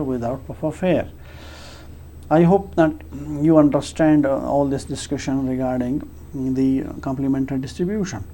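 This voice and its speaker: Lecturer, mellow tone, hesitant, repeats points while explaining. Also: mid-range voice, slight background noise. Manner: halting, with frequent fillers and restarts; repeats key phrases for emphasis. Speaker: English teacher.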